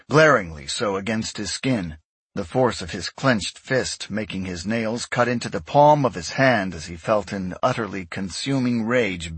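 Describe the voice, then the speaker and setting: Husky low-voiced male narrator. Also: no echo. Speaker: audiobook narrator. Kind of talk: scripted narration.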